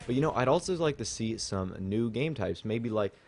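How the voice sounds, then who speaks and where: Over his gameplay footage, a young gaming channel host chats with viewers in a medium-pitched, slightly mellow voice with lively intonation. He talks at a moderate pace, rambling casually and dropping in fillers.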